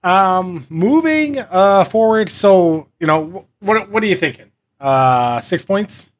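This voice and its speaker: A man's voice: sits high, expressive, slow pace. A man co-hosting a casual sports chat, rambling with lots of fillers. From Upper Midwest. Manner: filler-heavy, meandering delivery. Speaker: podcast co-host.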